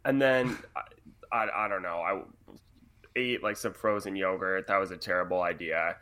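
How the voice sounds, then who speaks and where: A man's voice: deep voice, moderate pace, bright, forceful tone. A young man co-hosting a podcast, telling a story in a rambling, laugh-filled way with lots of fillers. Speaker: podcast co-host. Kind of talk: casual storytelling chat.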